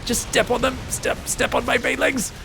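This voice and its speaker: A man's voice: very high-pitched, flat delivery, normal speed, creaky, pushed and bright, faint music behind, pitched above the performer's own voice, exaggerated voice. A male commentator voicing a pleading, wheedling male player who begs in a teasing tone. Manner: begging, teasing.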